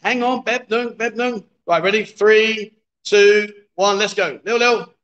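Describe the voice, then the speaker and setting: A man's voice: high-pitched, measured pace, sharp tone, low-quality recording. A middle-aged man, hosting a live stream from a bar and cheering on pool players, coaxing and joking with viewers. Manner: jokey, coaxing, chatty with viewers. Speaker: livestream host.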